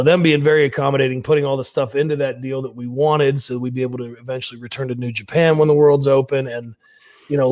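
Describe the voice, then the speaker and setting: A man talks bluntly and confidently as a guest in a casual interview, swearing freely. His voice sits at an ordinary middle pitch. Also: darkish tone. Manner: blunt, profane, confident talker. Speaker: pro wrestler guest.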